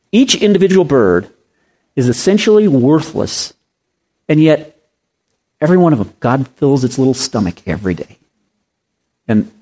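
A man preaching a sermon, emphatic and repetitive, firing rhetorical questions at his listeners. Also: darkish tone. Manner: pitch swings widely for emphasis.

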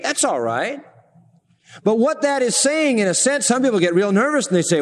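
A man preaching a sermon in a measured way, rising in pitch to stress his points. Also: very animated, long reverb tail.

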